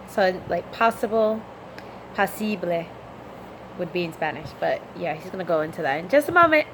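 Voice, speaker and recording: A woman's voice: mid-range voice, a bit bright, a little hiss or hum. A woman vlogging her language practice, chatting casually and repeating phrases aloud after a recorded lesson, often correcting herself. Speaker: vlogger learning Spanish.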